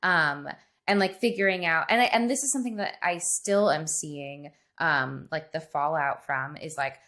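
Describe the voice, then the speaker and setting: A woman's voice: low voice, moderate pace, fairly bright tone. A woman co-hosting a horror podcast, talking thoughtfully in casual chat and hedging with fillers. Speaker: podcast co-host.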